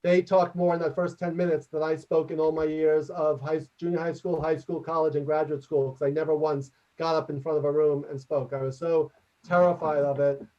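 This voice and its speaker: Fast-talking man on a muffled call. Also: a little high, level tone, mellow. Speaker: workshop presenter; professor and trainer. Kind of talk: webinar presentation and Q&A. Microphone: video call. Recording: dull distant video-call audio.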